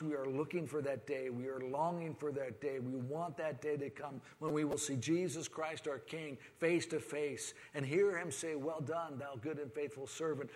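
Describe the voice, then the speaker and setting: A man preaching a sermon as pastor, swinging between fervent rising passages and quiet, grave reflection. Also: fairly high pitch, steady tone, moderate pace, few pauses, in a large hall. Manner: preaching with rising, impassioned delivery.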